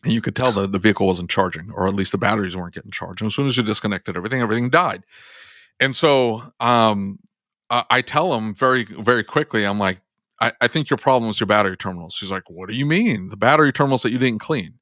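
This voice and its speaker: Auto shop owner, male, lowish voice, animated storyteller who voices his customers, dry close sound. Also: fast talker, no echo. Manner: animated, acts out both sides of phone calls. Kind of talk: podcast storytelling.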